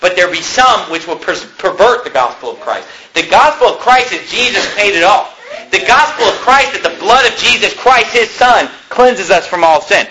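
A man preaching a sermon as pastor, emphatic and fervent, rising to shouts at points. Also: high-pitched, animated, moderate pace, rough recording.

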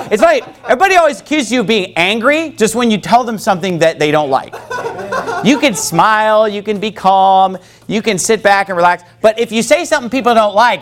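A man with a high voice preaches a sermon as a pastor, quoting scripture and asking his congregation questions. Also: lively intonation, brisk. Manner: preaching with call-and-response from the congregation.

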